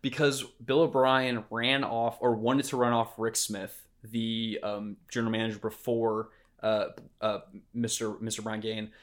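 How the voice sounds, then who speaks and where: A man's voice: on the low side, little pitch movement, a little slow, few pauses. Ranting, profane young man. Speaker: podcast co-host. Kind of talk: casual sports chat.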